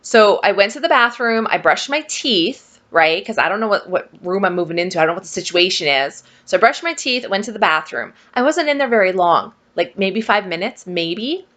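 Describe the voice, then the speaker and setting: Animated woman telling a story. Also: medium pitch, fairly quick, hardly any pauses. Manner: animated, exasperated retelling. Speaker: vlogger. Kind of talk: casual storytelling vlog.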